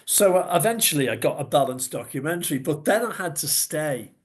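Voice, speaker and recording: A middle-aged man with a Scouse accent, telling lively anecdotes as a podcast guest, with chuckles and salty asides. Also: on the high side, fairly quick. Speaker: guest, former news reporter. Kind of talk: conversational storytelling.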